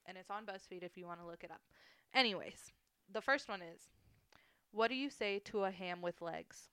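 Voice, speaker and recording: Giggly woman podcast host reading silly jokes, bright voice, dry room. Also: mid-range voice, normal speed, smooth, no room sound. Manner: giggly, laughs often between jokes. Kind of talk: casual chat, reading jokes aloud.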